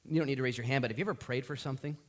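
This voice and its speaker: A man preaching a sermon as pastor of a church, telling the story with lively acted-out voices. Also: mid-range voice, racing.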